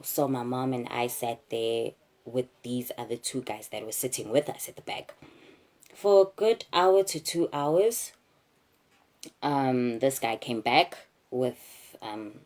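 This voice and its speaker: A woman's voice: extremely low pitch, expressive, slow pace, darkish tone. A young woman frankly retelling a personal ordeal, emotional and restarting often. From South Africa. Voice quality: husky. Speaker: vlogger. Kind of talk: candid storytime retelling.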